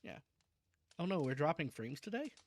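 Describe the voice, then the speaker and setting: A man's voice: fairly high pitch, very animated, moderate pace, darkish tone. Chatty man on a livestream. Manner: chatty, self-deprecating, restarts often. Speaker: streamer reading a novel aloud. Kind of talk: casual livestream chat.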